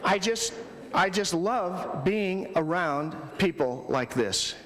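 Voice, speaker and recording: A man giving a conversational talk at a youth ministry convention, telling stories with loud bursts and quiet lows. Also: animated, slow pace. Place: large hall before an audience. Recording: long hall reverb.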